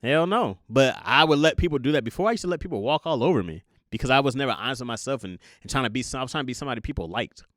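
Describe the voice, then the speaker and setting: A young man hosting a podcast, talking through a casual confessional monologue in an animated, jokey way and laughing at himself. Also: mid-range voice, racing, hardly any pauses, dry recording, clean studio sound. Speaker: podcast host.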